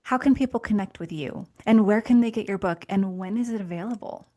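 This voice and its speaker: A woman's voice: medium pitch, fairly quick. A woman hosting a podcast interview, encouraging and affirming her guest. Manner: warm, encouraging, brief affirmations. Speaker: podcast host.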